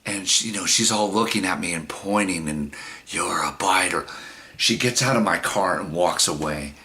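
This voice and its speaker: Brief: casual male vlogger, animated and crude, bright timbre, acts out quotes. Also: sits low, normal speed. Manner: animated, profane, acts out the dialogue. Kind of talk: casual storytelling to camera.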